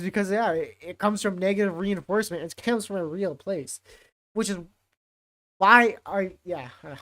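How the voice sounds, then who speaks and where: A man casually talking on a livestream, rambling and thinking out loud with lots of fillers and restarts. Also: high voice, normal speed. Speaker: streamer.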